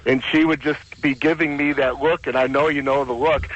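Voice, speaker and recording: A man's voice: a little high, steady tone, a little fast, a bit bright. A man calling in to a radio show, telling an amused school memory. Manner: amused, storytelling. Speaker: caller. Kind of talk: phone-in reminiscing. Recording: dull phone-line caller audio.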